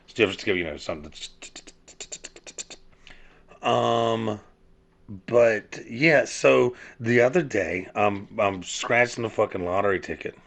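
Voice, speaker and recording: Man, podcast host, rambling casual monologue, cussing, lots of fillers, somewhat low voice. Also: a little slow, fairly bright tone. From South Georgia, USA. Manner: rambling, profane, many fillers and restarts.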